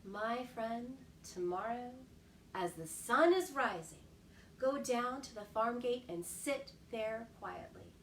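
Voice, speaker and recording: A woman voicing a calm, wise old male owl in a children's storybook, speaking softly and gently. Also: fairly high pitch, roomy sound, distant mic, a little hiss or hum. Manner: soft, slow and gentle.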